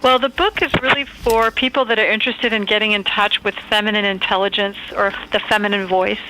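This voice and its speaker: A woman author calling in to a radio interview, speaking in a thoughtful, measured, earnest way. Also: mid-range voice, flat delivery, pushed and bright, slight background noise, low-quality recording. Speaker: author and phone-in guest. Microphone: phone call.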